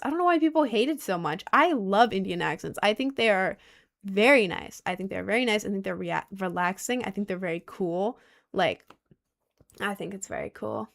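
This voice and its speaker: A woman hosting a casual livestream and answering chat, gushing and playful, with squealing leaps in pitch. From United States. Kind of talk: casual live-stream chat.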